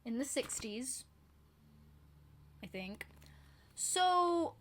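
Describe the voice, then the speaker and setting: A British woman talks to camera in a loose, rambling flow, often poking fun at herself. Her voice sits a little higher than most women's. She sounds casual and unscripted. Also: very animated, drawn-out words, a bit bright. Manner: chatty, rambling, self-deprecating. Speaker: book vlogger.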